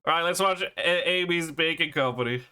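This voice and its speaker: A man's voice: on the high side, brisk. A man streaming live and reacting casually to a video, often laughing.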